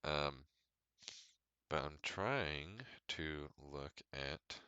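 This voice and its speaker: A man's voice: rumbling low, drawn-out words, sharp tone, smooth, no room sound, highs cut off. A young man hosting his own podcast from his apartment, chatting casually and candidly with lots of fillers and asides. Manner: rambling, candid, self-deprecating with frequent fillers. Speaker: podcast host. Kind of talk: casual solo podcast chat.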